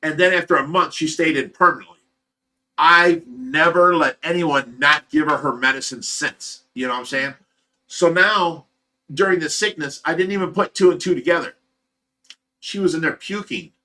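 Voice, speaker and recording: This is a livestream host with an Ohio accent, talking casually and at length. His voice sits a little high and sounds bright and forward. He tells the story in a rambling, animated way and acts out the other people's lines. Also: moderate pace.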